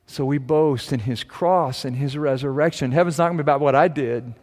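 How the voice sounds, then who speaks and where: A man preaching a sermon in a relaxed, conversational way, closing in prayer. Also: mid-range voice, fairly quick, in a large hall. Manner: conversational preaching, sings hymn lines softly. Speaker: pastor.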